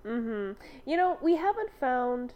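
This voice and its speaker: A woman's voice: sits high, sing-song, slow pace, lo-fi sound. A woman co-hosting a podcast in casual chat, rambling and giggling, with lots of "like" fillers. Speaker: podcast co-host.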